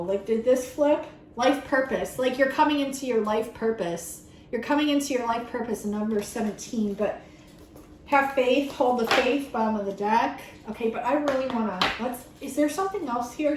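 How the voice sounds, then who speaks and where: A woman doing a casual tarot reading for her viewers, excitable and swearing freely as she talks straight to the camera. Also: a little high, roomy sound, noisy background. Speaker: tarot reader. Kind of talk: casual spiritual reading vlog.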